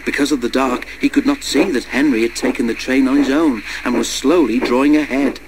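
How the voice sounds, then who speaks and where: A man narrating a children's storybook in a steady, measured way and doing the character voices. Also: mid-range voice. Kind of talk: storybook read-aloud. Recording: noisy recording.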